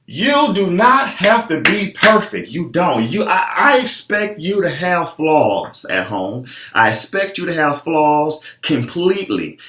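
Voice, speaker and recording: Male fitness coach, preachy motivational delivery, lively pitch, roomy echo. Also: slow pace, few pauses, slight background noise. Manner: emphatic, preachy, acts out clients' voices. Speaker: fitness trainer. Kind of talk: motivational talk. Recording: echoey room.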